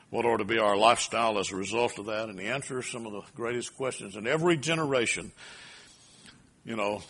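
Guy preaching, mid pitch, gets loud and punchy then drops way down. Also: breathy edge. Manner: builds to loud emphatic peaks then drops low. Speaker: pastor. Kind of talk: sermon.

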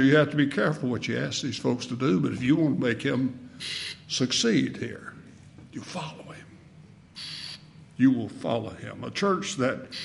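Gravelly folksy male preacher. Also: mid-range voice. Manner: folksy preaching with rhetorical questions; emphatic, swings between loud and soft. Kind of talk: sermon.

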